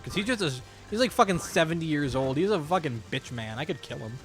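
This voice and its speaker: A man's voice: fairly high pitch, very animated, fast, over music. Profane, wry male game streamer. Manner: profane, wry, jumpy, answers chat. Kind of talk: casual live-stream commentary while gaming.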